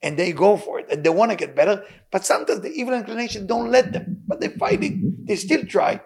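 Sermon voice: gravelly, husky man, fairly high, earnest and emphatic, English. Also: animated, a little fast. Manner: non-native English with Hebrew phrases, earnest and emphatic. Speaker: rabbi teaching.

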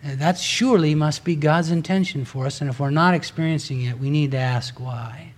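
A man's voice: on the high side, normal speed. A man preaching a sermon in an earnest, conversational way, rising in force for emphasis. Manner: conversational with asides and restarts. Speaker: pastor.

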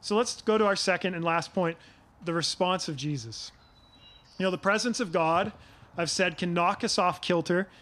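A middle-aged male pastor delivers a sermon in a fairly high voice. He speaks earnestly and at a measured pace, pausing on key phrases and putting questions to his congregation. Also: a bit bright.

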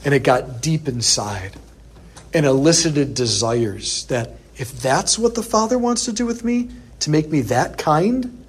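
A priest preaching a sermon, telling a personal story in an animated way and acting out the quoted lines. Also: male voice, on the high side, measured pace, breathy edge.

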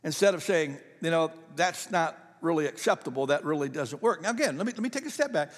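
Older pastor preaching, high voice, keeps restarting, echoey church hall. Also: male voice, quick pace. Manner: conversational, animated storytelling with repeated restarts. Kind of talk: sermon.

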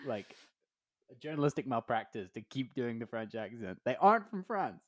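A man's voice: medium pitch, big pitch swings, moderate pace, no room sound, clean studio sound. A man co-hosting a comedy podcast, riffing through playful made-up scenarios with lots of filler. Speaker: podcast co-host.

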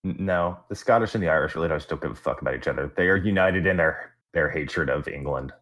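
A man's voice: a bass voice, quick pace, a bit bright. A man co-hosting a casual gaming podcast, sarcastic and profane with dry jokes. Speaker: podcast co-host.

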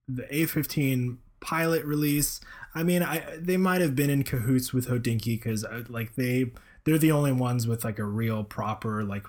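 A man co-hosting a casual chat, talking haltingly with restarts and hedges. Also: medium pitch, darkish tone. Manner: halting, hedging, trails off. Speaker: co-host.

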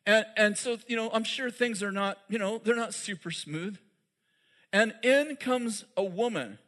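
A man's voice: high-pitched, fairly bright tone. A man preaching a sermon in a conversational way, asking the audience questions and laughing at his own jokes.

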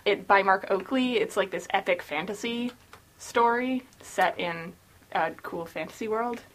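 A woman's voice: mid-range voice, measured pace, a bit bright. A woman co-hosting a casual book podcast, bubbly and giggly, full of fillers. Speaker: podcast co-host.

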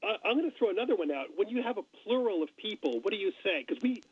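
A man's voice: high-pitched, animated, quick pace, slightly rough, no echo. A middle-aged man, a radio guest, musing in a chatty way with many restarts. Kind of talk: casual radio conversation. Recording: dull dry radio studio sound.

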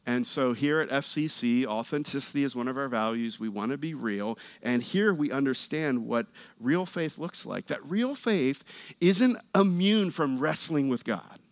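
A man's voice: medium pitch, dry recording. Conversational man preaching a sermon. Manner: conversational, animated, rises for scripture readings. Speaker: pastor.

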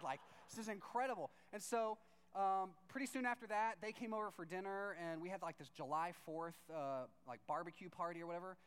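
A man telling a funny personal story to a church audience, animated and self-deprecating, with sudden excited outbursts. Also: high-pitched, fairly quick, a little hiss or hum. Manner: animated, self-deprecating, jumps into excited shouts when acting out his own reactions. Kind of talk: comic storytelling.

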